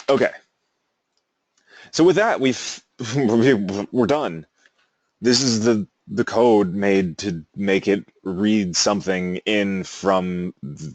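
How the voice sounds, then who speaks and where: Male teacher, low voice, dry close recording, relaxed and chatty with digressions. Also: no echo. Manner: casual, rambling, self-amused asides. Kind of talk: classroom lecture.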